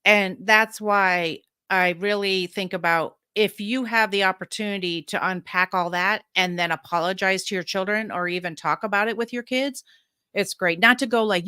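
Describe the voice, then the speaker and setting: A woman's voice: on the low side, moderate pace, bright, forceful tone, clean tone, dry recording, clean studio sound. A woman in her fifties, a podcast guest telling her personal story candidly, frank and emphatic, laughing between points.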